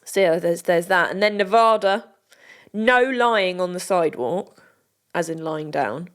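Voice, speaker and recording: A woman's voice: on the low side, lively intonation, unhurried. British woman, podcast co-host, casual delivery, laid-back banter. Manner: chatty, reads out items and jokes along.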